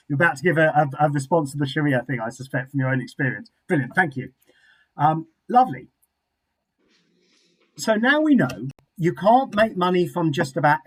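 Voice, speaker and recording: A man with a somewhat raised voice steers an online study group. He talks quickly and chattily, and he encourages the people taking part. He is heard over a video call. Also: a little high, rough recording. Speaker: synagogue study session leader. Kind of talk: online group discussion leading.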